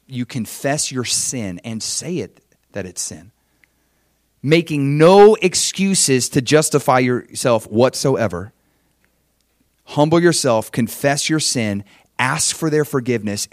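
A man's voice: medium pitch, lively intonation, a little slow, no echo, clean studio sound. A man preaching a sermon as pastor, emphatic and conversational, often checking in with his listeners. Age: adult father with children.

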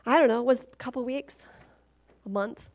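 A middle-aged woman preaching a testimony sermon, telling a story with animated swings in loudness and pitch. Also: moderate pace. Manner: animated storytelling, swings loud and high at climaxes.

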